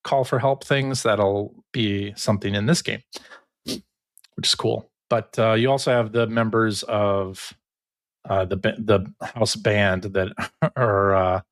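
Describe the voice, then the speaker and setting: A man co-hosting a podcast and presenting the news in a relaxed, hesitant way with frequent fillers. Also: fairly low pitch, slow, no room sound, clean studio sound. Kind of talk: casual chat.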